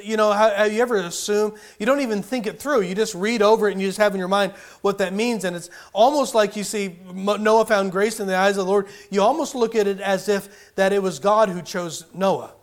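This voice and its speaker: A man preaching a sermon as pastor, earnest, pressing his points with rising emphasis and many restarts. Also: high-pitched.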